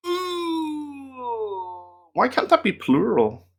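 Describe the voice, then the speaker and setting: Slow gravelly guy, german teacher talking to himself thru app drills, chatty, pokes fun at himself. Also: extremely high pitch, wildly swooping pitch. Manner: chatty and self-mocking, muttering answers aloud. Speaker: German language teacher and YouTuber. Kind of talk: casual thinking-aloud commentary on a language app.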